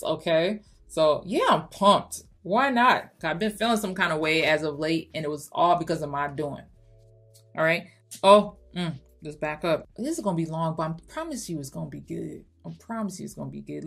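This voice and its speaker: A woman hosting a Christian motivational podcast, reading a Bible passage with emphasis and breaking off for casual asides. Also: fairly low pitch. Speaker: podcast host.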